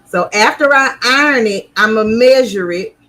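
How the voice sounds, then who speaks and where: A woman hosting a sewing livestream in casual chat, loud, extra and playful as she talks to her viewers from an indoor sewing room. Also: fairly high pitch, animated, moderate pace, rough recording.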